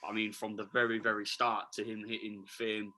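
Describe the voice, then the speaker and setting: Chatty Leeds man with a bright voice. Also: fairly low pitch, monotone, normal speed, low-quality recording. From Leeds, England. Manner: chatty, enthusiastic, full of fillers and restarts. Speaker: guest DJ. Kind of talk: casual podcast interview.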